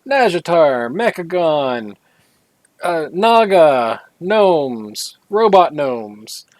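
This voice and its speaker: A man's voice: fairly high pitch, sing-song, very slow, dry recording, poor audio. Casual rambling male podcast host. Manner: rambling, self-correcting, jokey asides. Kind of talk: casual gaming podcast chat.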